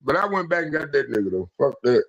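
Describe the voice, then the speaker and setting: A man on an online stream call, telling a story in a casual, profane, animated way and acting out the quotes. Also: medium pitch, fast talker, creaky, muffled recording. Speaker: panel guest.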